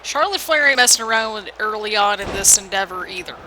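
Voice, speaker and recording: A woman's voice: mid-range voice, animated, fairly quick, pushed and bright, a little hiss or hum, low-quality recording. A woman casually commenting play-by-play over a video game at home, rambling and poking fun at her own slip-ups. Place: home apartment.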